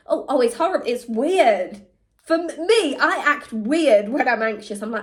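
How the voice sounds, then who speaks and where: A woman talking candidly to camera, animated, slipping into mock voices and laughing at herself. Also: on the high side, normal speed. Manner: animated, switches into mock voices when quoting people; laughs at herself mid-sentence. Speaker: vlog host.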